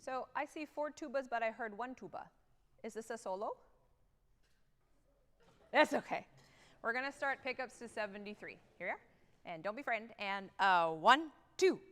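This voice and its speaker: A woman with a fairly high, bright, forward voice leads a wind band rehearsal, counting players in and singing out articulations in an upbeat, direct way. The sound carries the long reverb of a large theatre hall, as heard on a livestream. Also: lively intonation, normal speed, long pauses. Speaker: guest conductor leading a band rehearsal.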